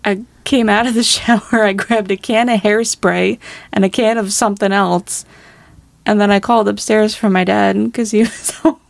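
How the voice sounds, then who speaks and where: A woman's voice: medium pitch, fairly even intonation, moderate pace, gravelly, no echo. A young woman co-hosting a podcast, telling a story in casual chat. She rambles, swears a lot and laughs between phrases. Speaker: podcast co-host.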